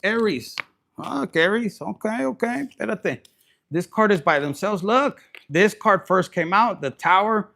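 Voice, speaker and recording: A man's voice: high voice, animated, measured pace, creaky, bright, forceful tone. A man giving a raunchy, joking live tarot reading, slipping in Spanish. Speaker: tarot reader.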